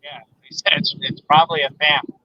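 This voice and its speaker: A man, a guest on a phone interview, recounting an encounter in a halting, emphatic way with repeated words. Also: on the high side, little pitch movement, slight background noise. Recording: dull lo-fi phone line.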